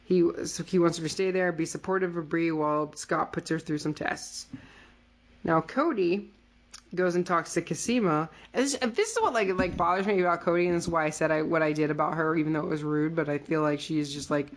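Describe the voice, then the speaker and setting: Casual woman co-host lower register, chatty and playful. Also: fairly quick. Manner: chatty, lots of fillers, quotes characters in playful voices. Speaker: podcast co-host. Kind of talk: casual recap chat.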